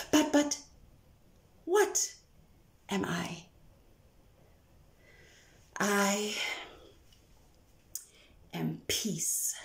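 High-voiced woman reciting poetry. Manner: dramatic, moves between hushed whispers and bold declarations. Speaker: poet. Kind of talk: spoken-word poetry performance. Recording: roomy echo.

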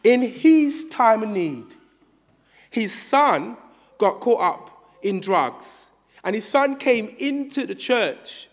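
Brief: high-pitched male preacher, British, animated sermon storytelling, church reverb. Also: takes it slowly. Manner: call-and-response, animated storytelling. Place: church hall.

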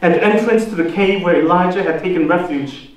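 A man preaching a sermon as pastor, posing slow, deliberate rhetorical questions to the congregation. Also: sits high, far from the mic. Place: church sanctuary. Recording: echoey church hall, voice from off the mic.

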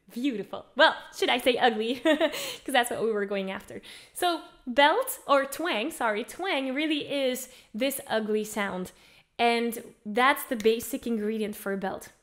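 A woman's voice: a little high, animated, measured pace, fairly bright tone. A woman teaching an online singing lesson, explaining things in an upbeat way and demonstrating with her own voice. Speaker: vocal coach.

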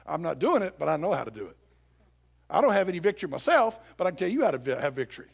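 A middle-aged male pastor preaching a sermon with passion, swinging from loud appeals to hushed pleading. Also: on the high side, very animated, rapid-fire, vocal fry.

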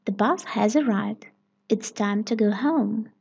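A woman reading a children's story aloud, slow, clear and expressive, with a breathy voice, on a dull lo-fi recording. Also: fairly high pitch. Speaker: read-aloud narrator.

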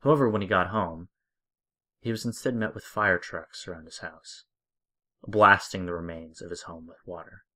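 A man narrating a dark short story in a steady storytelling manner. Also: low voice, normal speed. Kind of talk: scripted horror story narration.

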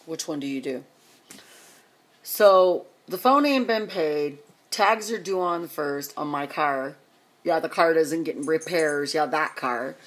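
Husky, exasperated woman ranting. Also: sits low. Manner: exasperated, rhetorical questions, repeats herself. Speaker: vlogger. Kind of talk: emotional rant to camera.

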